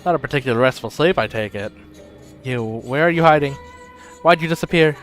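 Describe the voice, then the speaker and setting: A man's voice: mid-range voice, brisk, soft background music, natural voice. A man voicing a tormented man who has become a beast, frantic and stammering. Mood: panicked. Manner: frantic, stammering, breaking into shouts. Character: tormented man turned beast, desperate and unhinged.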